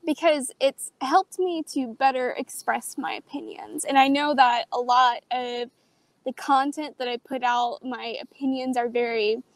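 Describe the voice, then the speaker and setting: A woman in her mid-twenties calling into a live stream, speaking politely and candidly with small hesitations. Her voice is high and clear in a dry recording. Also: fairly even intonation, unhurried, no room sound, rough recording. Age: 20s. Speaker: caller. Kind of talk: call-in over a video chat.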